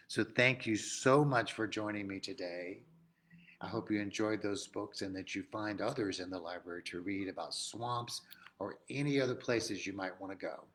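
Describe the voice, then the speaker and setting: A man hosting a library storytime for children, wrapping up with a gentle, friendly address. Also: lowish voice. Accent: American.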